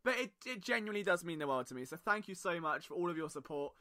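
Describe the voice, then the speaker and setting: A man's voice: high-pitched, lively intonation, fast talker, pushed and bright. A young British man hosting a podcast alone, talking casually with sarcastic, self-mocking asides. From Britain. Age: young adult. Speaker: podcast host. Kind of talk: casual solo podcast monologue.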